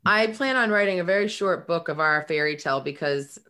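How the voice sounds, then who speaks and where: Lower-voiced woman telling a personal story. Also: fairly quick. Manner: animated, acts out quoted dialogue. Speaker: guest.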